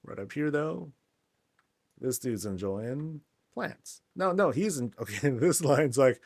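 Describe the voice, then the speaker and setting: A man's voice: mid-range voice, sing-song, slow, dry recording, clean studio sound. A man hosting a casual game tour, laid-back and joking, with lots of slang. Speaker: game channel host.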